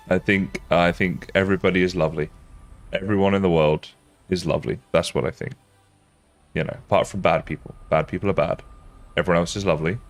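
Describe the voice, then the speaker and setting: A young man talks through a live game stream in a loose, rambling way, often laughing at his own jokes. His voice sits on the low side. Faint music plays under his desk-mic chatter. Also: steady tone, fairly quick, long pauses. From England. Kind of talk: casual live-stream chat while gaming.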